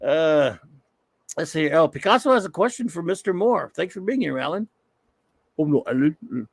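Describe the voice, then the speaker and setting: A man's voice: on the high side, animated, normal speed, gravelly, breathy edge, no room sound, poor audio. A man hosting a casual comics talk stream, chatting and reading viewer comments aloud. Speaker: comics talk show host. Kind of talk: casual livestream chat.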